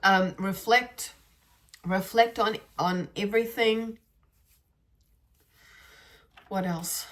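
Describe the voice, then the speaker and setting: A woman's voice: medium pitch, fairly even intonation, slow, distant mic, slight background noise. A woman talks through a reflective podcast episode in a loose, chatty way. She speaks earnestly and straight to her listeners, checking in with them as she goes. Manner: chatty, earnest, addresses listeners as guys, frequent "like" and "right". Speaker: podcast host. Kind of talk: casual reflective talk to camera.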